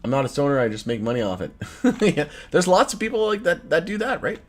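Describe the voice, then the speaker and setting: With a fairly high voice full of big pitch swings, a livestream host in his thirties reads out chat messages at a quick clip. His style is relaxed and foul-mouthed, with frequent laughter and shifts from playful to annoyed.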